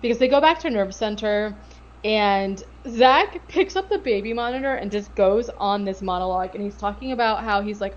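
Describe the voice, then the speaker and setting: A woman co-hosting a podcast, recapping a show in casual chat with profane, sarcastic, animated retelling. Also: medium pitch, normal speed, highs cut off. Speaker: podcast co-host.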